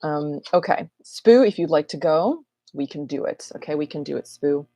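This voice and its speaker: A woman astrologer hosting a casual live Q&A, chatty and rambling with self-mocking asides, her voice a little husky this morning. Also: low-pitched, animated, moderate pace, dark tone, dry recording. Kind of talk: casual livestream chat.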